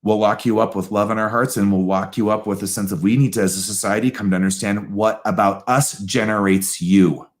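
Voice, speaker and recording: A man hosting a live astrology talk, answering audience questions in an animated, emphatic way with quick asides. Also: on the low side.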